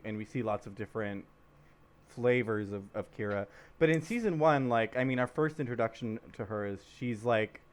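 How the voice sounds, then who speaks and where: A man with a mid-range voice joins a relaxed panel chat and builds up a curious follow-up question with a few hesitations. His voice is plain and unforced. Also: mid-range voice. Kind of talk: casual discussion.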